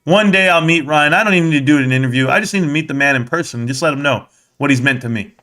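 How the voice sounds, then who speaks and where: A man hosts a live stream on stocks in a high, bright, forceful voice, talking rapid-fire. Heated and combative, he fires back at his chat, keeping his delivery punchy and confrontational all the way through.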